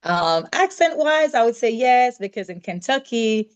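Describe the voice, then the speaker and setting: A Jamaican woman telling stories as a guest in an interview, lively and acting out what people said. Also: fairly high pitch, measured pace, clear, resonant tone. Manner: lively storytelling, acts out quoted dialogue. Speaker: podcast guest. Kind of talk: casual interview chat.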